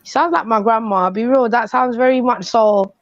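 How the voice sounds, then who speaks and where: A man's voice: very high-pitched, a little fast, no echo. Man, laid-back slang, casual panel chat, muffled dry audio.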